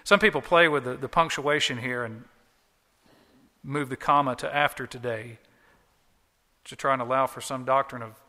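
A man's voice: medium pitch, fairly even intonation, normal speed, long pauses, sharp tone, long reverb tail. A man preaching a sermon as pastor, earnest and emphatic, often repeating key phrases. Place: church.

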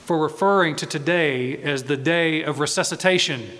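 A man's voice: a little high, normal speed, a bit bright, big-room sound, a little hiss or hum. A male pastor preaching a sermon in a church, emphatic and driving his points home by repeating key phrases.

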